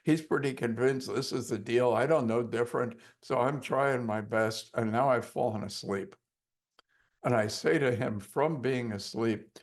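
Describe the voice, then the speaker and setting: Slow mid-pitched guy telling a hypnosis story in a lesson, casual and swears a lot. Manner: casual, profane, animated anecdote telling. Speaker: hypnosis instructor.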